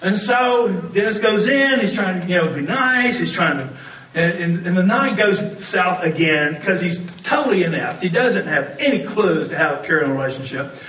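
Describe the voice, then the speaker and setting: A man preaching a sermon, telling stories in an animated way and often laughing as he talks. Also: high-pitched, moderate pace, reverberant, distant mic, poor audio. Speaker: pastor.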